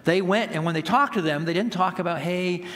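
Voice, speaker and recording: Pastor preaching in a reverberant hall. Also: male voice, sits high, quick pace, fairly bright tone. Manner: storytelling, emphatic, earnest. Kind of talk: sermon.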